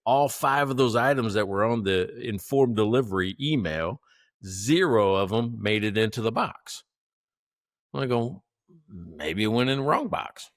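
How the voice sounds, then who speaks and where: A man co-hosting a podcast, telling a story in a casual, animated way, acting out what people said and laughing often. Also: on the low side, a little slow, no echo, clean studio sound. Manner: animated, acts out quotes, laughs often, swears. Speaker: podcast co-host.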